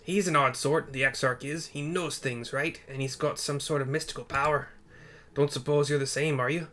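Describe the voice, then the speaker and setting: A man voicing a feisty small male dwarf warrior in a rough put-on accent that slips in and out. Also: on the high side, steady tone, normal speed, sharp tone. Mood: gruff.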